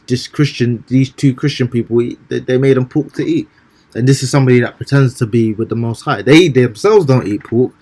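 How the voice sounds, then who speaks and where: A man reading scripture slowly and commenting on it in a casual, preachy way, often stumbling and repeating words. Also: medium pitch, a little mellow. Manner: slow, measured scripture reading. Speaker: street preacher.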